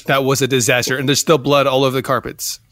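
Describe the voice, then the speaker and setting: An improv actor playing a weary children's party entertainer who coaxes the kids along. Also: male voice, mid-range voice, little pitch movement, fast talker, a bit bright, close to an everyday voice. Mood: defensive. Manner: coaxing kid-party patter.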